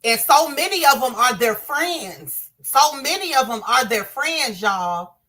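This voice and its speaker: A woman's voice: high-pitched, lively intonation, measured pace, sharp tone. A woman, speaking passionately to her viewers and calling them y'all. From Southern US. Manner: impassioned, addresses viewers as y'all. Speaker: commentator. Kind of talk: emotional commentary to viewers.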